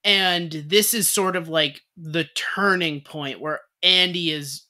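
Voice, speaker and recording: A woman's voice: lowish voice, slow, sharp tone. A woman co-hosting a podcast, recapping a TV episode in blunt casual chat, swearing freely and saying "like" a lot. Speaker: podcast co-host.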